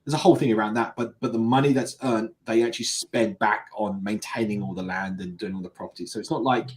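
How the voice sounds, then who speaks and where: A man's voice: fairly low pitch, fairly even intonation, fast talker, poor audio. A man with a British accent hosting a live tech stream, chatting casually and rambling with many restarts. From United Kingdom. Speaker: livestream host. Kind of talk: casual chat.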